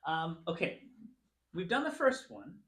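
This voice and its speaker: Picture a man at the front of a church classroom, walking students through unfamiliar words syllable by syllable. His pitch swings widely and he praises each try. The pace is patient and clear. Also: very animated. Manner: encouraging, sounds out words slowly. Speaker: Bible class teacher. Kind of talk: classroom teaching.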